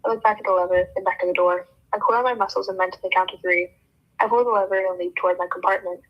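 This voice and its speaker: A woman's voice: on the low side, steady tone, very fast. Woman reading a novel aloud, lo-fi. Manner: reads expressively, breaks off for joking comments. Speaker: book club reader. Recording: dull lo-fi sound.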